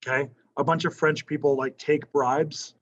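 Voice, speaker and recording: A man's voice: a little high, little pitch movement, normal speed, fairly bright tone, muffled recording. A male history teacher lecturing a class in a casual, conversational way, often checking in with "right?" and asking questions.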